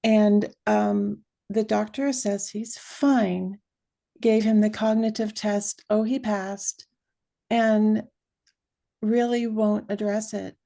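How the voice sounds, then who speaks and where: A woman asks for advice slowly and hesitantly, pausing as she searches for the words. Her voice is dark and mellow with a gravelly fry, heard over a video call. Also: mid-range voice, steady tone. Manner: hesitant, unsure, many pauses. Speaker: caller asking for advice. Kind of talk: hesitant question.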